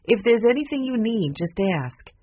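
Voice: mid-range voice, sing-song, normal speed, slight background noise, voice pushed up, lightly acted. A storybook reader voicing a polite but uneasy middle-aged innkeeper woman. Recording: dull lo-fi audiobook recording.

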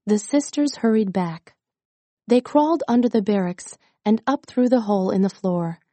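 A woman narrating a children's chapter book aloud in a calm, clear reading voice. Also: medium pitch, normal speed, no room sound. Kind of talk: storybook read-aloud.

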